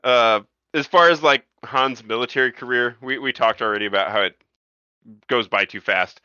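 A man's voice: mid-range voice, normal speed, sharp tone, clear, resonant tone, no room sound. A man in a casual film discussion podcast. He is opinionated and often stumbles and repeats words. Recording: dull lo-fi sound.

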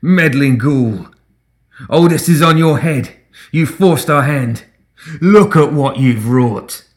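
A man voicing a furious male fire mage who bellows slow, raised accusations. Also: fairly high pitch, expressive, pitched above the performer's own voice. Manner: bellowing, drawn out.

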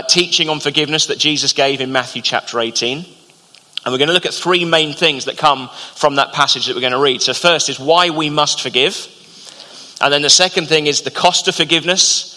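Guy giving a sermon, earnest and deliberate, bright tone, big hall reverb. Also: on the high side. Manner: earnest, measured preaching with slow emphatic pauses. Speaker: pastor.

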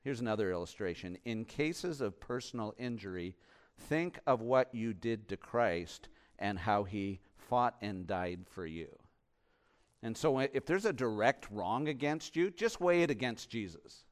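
A man preaching a sermon as pastor, impassioned, swinging from hushed and reflective to loud and urgent. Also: lowish voice, animated, measured pace.

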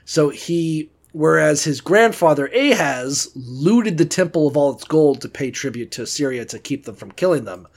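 Gravelly, irreverent man on a podcast. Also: fairly high pitch, animated, normal speed, few pauses. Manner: irreverent, profane, jokey retelling of scripture. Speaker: podcast co-host. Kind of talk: casual chat.

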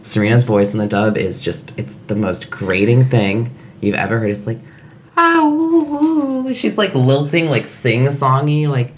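A man chatting on a podcast, opinionated and lively, full of "like" fillers. A faint hiss sits behind his voice. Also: on the low side, moderate pace, few pauses. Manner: opinionated, animated storyteller with many fillers. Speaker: podcast co-host. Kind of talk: casual chat.

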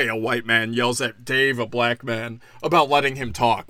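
Sharp-voiced man ranting on his podcast. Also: medium pitch, normal speed, dry recording, studio quality. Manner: angry, sarcastic, heavy swearing. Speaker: podcast host. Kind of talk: profane solo podcast rant.

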